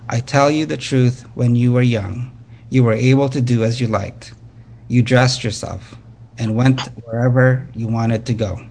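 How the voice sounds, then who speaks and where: A man reading a Bible passage aloud at a steady, measured pace, with an occasional slip. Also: medium pitch, vocal fry, slight background noise. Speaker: scripture reader.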